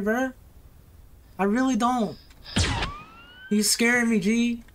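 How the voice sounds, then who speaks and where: A woman gamer talks her way through a scary game, nervous and begging in casual slang. Her voice jumps up and down, and the recording carries a clear layer of background noise. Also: a little high, animated, slow pace, long pauses. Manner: nervous, pleading, slangy running talk. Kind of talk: horror game commentary. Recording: noisy recording.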